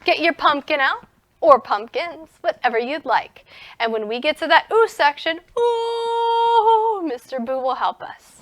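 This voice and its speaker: A young woman teaching a recorded music lesson to young children, gentle and encouraging. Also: high voice. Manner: gentle and encouraging, speaks slowly to young children, sings and whispers in parts.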